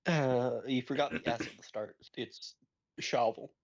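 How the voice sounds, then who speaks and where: Deadpan woman co-streamer. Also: very deep voice, moderate pace, vocal fry. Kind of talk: casual chat during a game stream. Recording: slightly dull audio with faint music.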